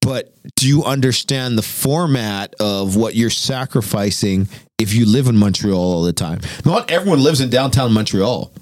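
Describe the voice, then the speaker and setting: A man's voice: medium pitch, animated, normal speed, darkish tone, dry recording, clean studio sound. A man from Winnipeg arguing his side in a casual debate, pressing his points with rising emphasis. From Winnipeg, Canada.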